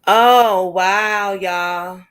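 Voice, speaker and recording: Speaking at a medium pitch and extremely slowly, this woman has a clear, resonant tone. She hosts a casual livestream, chatting with viewers and reacting to what she reads in an animated, chatty way. As a livestream host and advocate, she talks straight to her audience.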